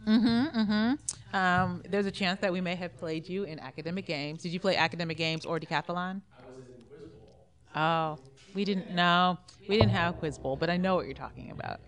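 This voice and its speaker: A woman's voice: fairly low pitch, moderate pace. A woman TV writer chatting as a guest on a live podcast, giggly and enthusiastic. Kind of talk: casual live podcast chat. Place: theater with live audience.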